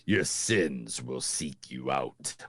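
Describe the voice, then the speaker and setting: A man voicing a menacing male demon taunting a priest, reading film quotes slowly and ominously. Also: expressive, a bit bright, heavily acted. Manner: slow, low, ominous delivery.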